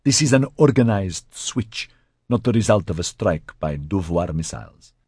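A man's voice: sits low, animated, moderate pace, darkish tone, slightly rough, no room sound, clean studio sound. Man doing an emphatic, argumentative man.

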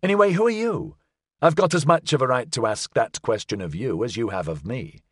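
A man voicing a young woman who is defiant and sharp-tongued, in an audiobook. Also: medium pitch, lively intonation, brisk, breathy edge, dry recording, clean studio sound. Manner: assertive, indignant.

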